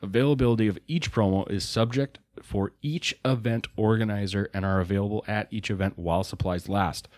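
A man's voice: on the low side, fairly quick, hardly any pauses, darkish tone, dry recording. A man hosting a casual podcast, joking while reading out event dates and places. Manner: joking, reads lists of places. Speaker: podcast host.

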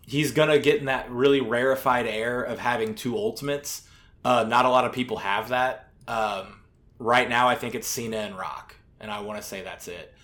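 A man's voice: medium pitch, a bit bright. A man co-hosting a podcast in casual chat, rambling with lots of fillers and the odd swear. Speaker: podcast co-host.

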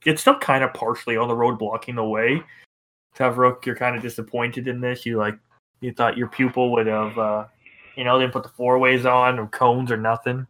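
A man running a tabletop game as game master, narrating with halting pauses and fillers. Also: medium pitch, little pitch movement, pushed and bright.

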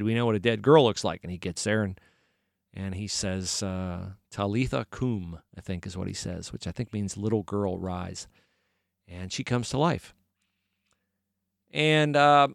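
A middle-aged man with a lowish voice talks through a devotional reflection for his podcast. He sounds earnest and thoughtful, pausing often with fillers as he works out what he means. The recording is dry and close, with no room sound. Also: dry recording. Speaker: podcast host. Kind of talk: casual devotional podcast talk.

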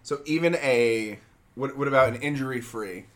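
A man's voice: medium pitch, normal speed. A man hosting a podcast, quizzing his co-host with true-or-false questions and laughing often. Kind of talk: casual sports chat.

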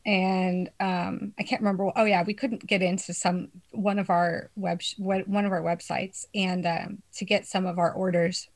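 A woman's voice: on the low side, little pitch movement, normal speed, hardly any pauses. A young woman in casual chat with friends, telling a story with lots of swearing and laughter.

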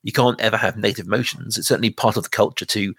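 A man in his thirties co-hosting a podcast and speaking about parenting in a measured, reflective way. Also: fairly low pitch, steady tone, creaky, a bit bright, slightly rough, dry recording. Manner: measured, thoughtful, agreeing and reflective. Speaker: podcast co-host. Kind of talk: casual chat.

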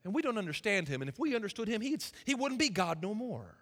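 A man's voice: high voice, sing-song, quick pace, a bit bright. A young man preaching a sermon in a church, impassioned, with folksy turns of phrase. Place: church sanctuary. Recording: reverberant hall.

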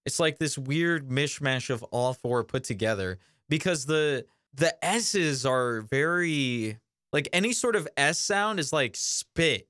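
A man's voice: medium pitch, expressive, takes it slowly, fairly bright tone, dry recording, clean studio sound. A man co-hosting a casual review podcast, blunt and casually profane. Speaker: podcast co-host.

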